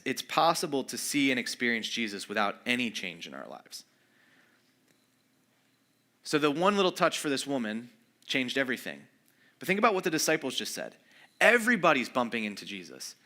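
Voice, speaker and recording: A male pastor delivering a conversational sermon, animated and acting out quoted voices, dropping to a soft low voice for emphasis.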